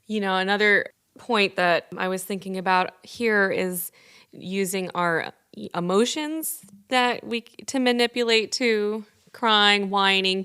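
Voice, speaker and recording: A woman hosting a podcast who speaks in a measured way and asks thoughtful questions. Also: mid-range voice, fairly bright tone, smooth. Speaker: podcast host. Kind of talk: casual chat.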